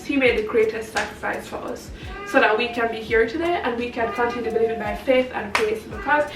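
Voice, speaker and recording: Woman vlogger, high voice, rambling and chatty, recorded from a distance in an echoey space. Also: a little fast, music in the background. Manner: rambling and chatty, laughs often. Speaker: vlogger and mother. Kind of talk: casual chat to camera.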